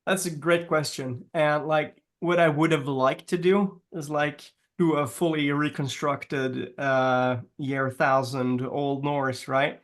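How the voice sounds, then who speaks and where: A man with a fairly high voice talks in a relaxed interview over a video call. He rambles, restarts his sentences and laughs often as he explains things. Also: takes it slowly, few pauses. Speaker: guest, language consultant. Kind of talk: casual interview chat.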